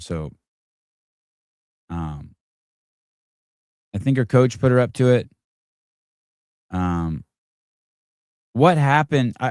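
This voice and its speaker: A man's voice: lowish voice, darkish tone, clear, resonant tone, no room sound, studio quality. A man hosting a live stream, chatting casually in a rambling, joking way with frequent swearing. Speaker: podcast host.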